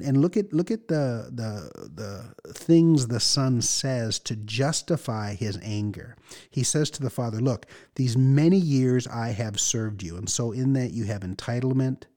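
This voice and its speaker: Male pastor, earnest teaching tone, mellow voice, thinks aloud. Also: medium pitch. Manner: earnest, repeats words while thinking. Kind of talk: sermon-style Bible teaching.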